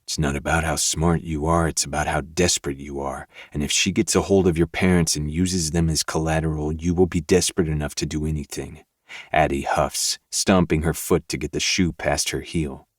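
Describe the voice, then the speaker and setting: Deep-voiced man reading a novel aloud. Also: steady tone, normal speed, husky, dry recording, clean studio sound. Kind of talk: first-person audiobook narration.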